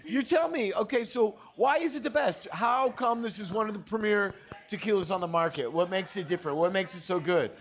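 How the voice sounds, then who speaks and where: Playful guy host, pretty high voice, cracks jokes, easygoing chat. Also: fairly quick. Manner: joking and playful. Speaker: podcast host. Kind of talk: casual hosted chat.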